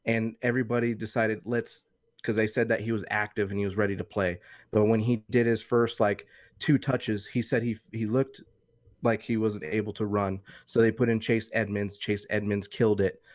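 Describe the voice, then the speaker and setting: A man's voice: on the low side, level tone, normal speed, no echo, clean studio sound. Profane, rambling podcast co-host man. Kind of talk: casual chat.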